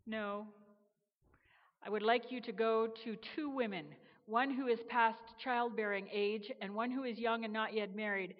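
Woman voicing a gentle, patient female God. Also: fairly even intonation, measured pace, close to an everyday voice. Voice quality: soft and low-toned, quietly reassuring. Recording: dull reverberant sound.

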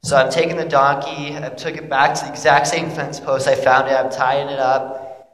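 A man's voice: medium pitch, little pitch movement, moderate pace, fairly bright tone, lightly acted. A man playing a bewildered young disciple in an echoey hall. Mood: earnest, confused. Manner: rambling, casual, full of "like". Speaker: actor playing a biblical disciple. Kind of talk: monologue, casual modern retelling. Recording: echoey hall with long reverb.

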